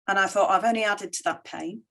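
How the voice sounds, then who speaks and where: A middle-aged woman giving a conference keynote with slides, telling stories in an animated way and quoting others in lively voices. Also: mid-range voice, a little fast, vocal fry. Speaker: keynote speaker.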